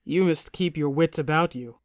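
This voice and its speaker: A woman voicing an earnest, nervous young prince in an audiobook, speaking in a measured, gentle way. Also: low-pitched, dry recording, clean studio sound, natural voice. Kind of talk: audiobook character reading.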